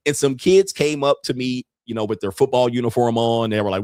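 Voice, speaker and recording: A man's voice: mid-range voice, fast, few pauses, darkish tone, no echo. Blunt, profane man with a dry sound. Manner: blunt, profane, laughs often. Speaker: commentary host. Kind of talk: casual commentary and storytelling.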